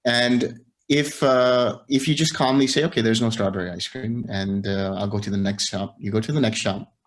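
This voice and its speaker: Male meditation teacher, low voice, patient and measured, talking over a video call. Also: fairly even intonation. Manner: patient, measured, builds on examples step by step. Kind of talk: calm explanation of practice.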